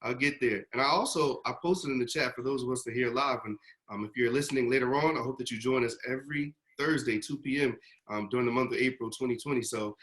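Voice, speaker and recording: A man in his thirties with a Boston accent co-hosts a casual live podcast. He speaks in a measured, reflective way and pauses on "um." His voice has an average pitch for a man. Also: a bit bright. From United States. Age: 30s. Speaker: podcast co-host, educator.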